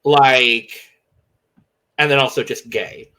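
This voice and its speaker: A man in his twenties with a mixed Southern and Californian accent, co-hosting a podcast in a chatty, animated way. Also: medium pitch, takes it slowly, smooth. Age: 20s. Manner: chatty, animated, acts out quotes. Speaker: podcast co-host. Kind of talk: casual chat.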